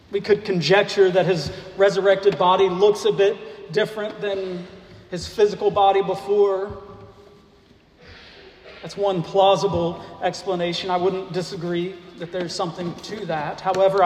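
A man preaches in a church sanctuary, his voice pitched fairly high for a man. He moves slowly and deliberately through rhetorical questions. The sound rings with a long echo off the hall walls. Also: a little mellow. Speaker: pastor. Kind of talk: sermon. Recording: echoey hall, faint noise.

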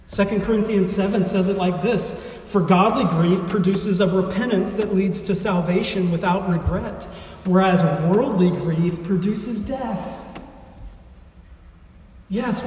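A man reading scripture aloud and then preaching an earnest sermon as pastor, with emphatic delivery and dramatic pauses. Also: sits high, darkish tone. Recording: echoey hall, voice from far off.

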